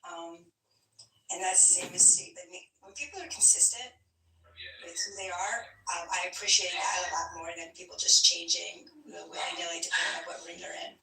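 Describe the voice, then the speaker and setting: Gravelly low-voiced woman, echoey. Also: steady tone, normal speed, pushed and bright. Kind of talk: casual chat. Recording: echoey, distant mic.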